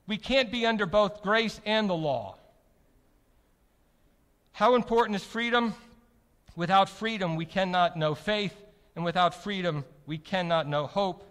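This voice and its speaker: Man, sermon, high-pitched, rhetorical questions, loud-to-soft swings, echoing hall. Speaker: preacher. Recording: reverberant hall.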